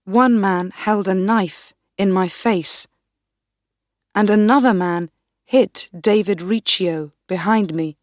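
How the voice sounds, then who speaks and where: A woman narrating a first-person story for English learners in a clear, measured way. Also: mid-range voice, dry recording, clean studio sound. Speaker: audiobook narrator.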